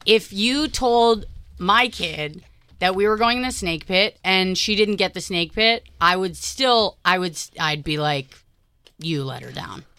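A woman comedian, a guest on the podcast, who makes quick joking jabs and laughs often. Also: mid-range voice, lively intonation, bright, forceful tone, clear, resonant tone, no echo. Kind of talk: casual comedic banter.

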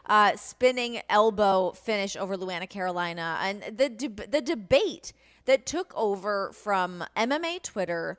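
A woman hosting a casual podcast chat, animated and laughing often. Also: medium pitch, unhurried. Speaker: podcast host.

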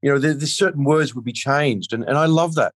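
Speaking briskly at medium pitch, this male actor gives a loose, rambling interview full of false starts and fillers. The recording is dry. He comes from outside the country he talks about.

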